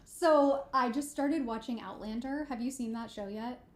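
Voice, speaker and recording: A woman's voice: on the high side, moderate pace, echoey room. A cheerful, giggly woman, a voice actor, chatting and asking questions on a couch during a livestream. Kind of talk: casual chat on a livestream. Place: on a couch indoors. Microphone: camera or phone on a livestream.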